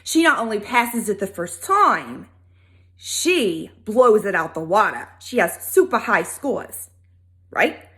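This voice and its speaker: A woman with a Southern US accent hosting a video, telling a history story in a casual, animated, sassy way. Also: medium pitch, slow pace. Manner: animated, chatty, sassy asides. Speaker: video host.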